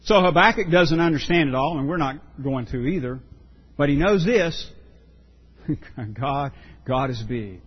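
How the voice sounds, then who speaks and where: A man's voice: a little high, animated, measured pace, long pauses, slightly rough. Earnest preacher man, muffled recording. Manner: earnest, emphatic, repeats words while preaching. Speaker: pastor. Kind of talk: sermon.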